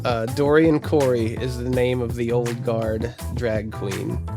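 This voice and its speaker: A man hosting a casual podcast, talking in a halting, rambling way with many restarts. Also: medium pitch, fairly even intonation, gravelly, music in the background. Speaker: podcast host.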